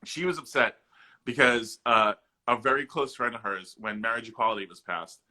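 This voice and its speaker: Bright-voiced man telling a funny story. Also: mid-range voice, moderate pace, low-quality recording. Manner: animated, jokey, mimics the people in his stories; loose, with frequent fillers and restarts. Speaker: actor and comedian guest. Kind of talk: casual interview storytelling.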